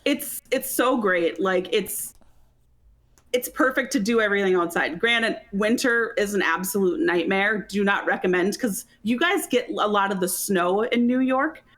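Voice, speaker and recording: A woman's voice: medium pitch, measured pace, a bit bright. A woman from Minnesota with a Minnesotan accent, a guest on a casual podcast, laid-back, giggly and self-deprecating.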